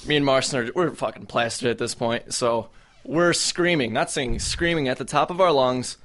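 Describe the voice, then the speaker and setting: Young male podcaster, casual, profane storyteller, average pitch. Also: normal speed, fairly bright tone. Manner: profane, laid-back, laughing through the story. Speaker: podcast co-host.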